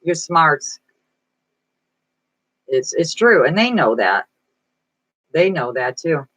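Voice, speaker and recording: A woman's voice: low-pitched, very animated, slow, fairly bright tone, no room sound, rough recording. A woman chatting casually on a live stream as a psychic reader, reading viewers' comments aloud and answering them, sounding weak and foggy-minded. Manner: reads viewer comments aloud and chats back. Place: indoor room at home.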